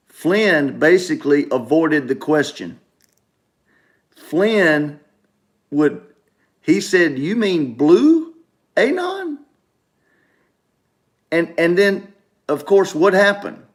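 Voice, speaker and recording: A man's voice: on the high side, slow, long pauses. A middle-aged man, hosting a casual talk livestream from home and repeating his points emphatically. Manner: emphatic, repeats instructions to viewers. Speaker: talk show host.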